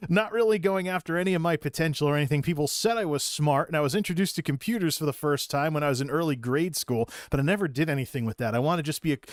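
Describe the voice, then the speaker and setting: A man's voice: a little high, no room sound. A man with a slightly raised voice recounts his past in a loose, rambling vlog monologue. He is self-deprecating and often restarts his sentences. The sound is close and dry, with no room around it. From Massachusetts. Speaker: vlogger. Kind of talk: personal storytelling monologue.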